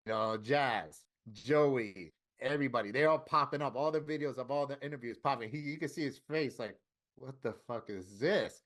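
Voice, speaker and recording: A man from Florida telling a story in casual interview talk, animated and profane, acting out what other people said. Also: medium pitch, fairly quick, few pauses. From Florida, USA. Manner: animated, profane, acts out quoted voices. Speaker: interview guest, tattoo artist.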